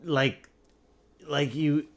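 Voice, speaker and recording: A man's voice: fairly high pitch, steady tone, drawn-out words. A young man co-hosting a casual podcast, rambling with lots of fillers and casual swearing. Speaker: co-host.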